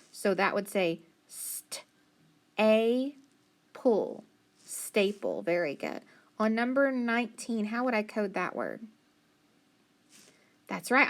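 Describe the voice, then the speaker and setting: A woman teacher giving a phonics lesson, sounding out words slowly syllable by syllable and praising often. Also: mid-range voice, a bit bright.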